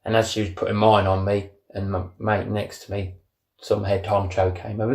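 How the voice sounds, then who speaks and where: Man, lowish voice, animated storyteller, echoey room. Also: quick pace, vocal fry. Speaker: podcast co-host. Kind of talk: casual chat.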